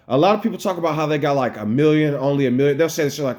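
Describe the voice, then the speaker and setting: An American man speaks straight to camera in a raw personal vlog, upset and rambling, his voice sitting a bit higher than most men's. He swears freely and circles back on his thoughts as he vents. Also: very fast, few pauses, darkish tone. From United States. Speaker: vlogger. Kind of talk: emotional personal vlog rant.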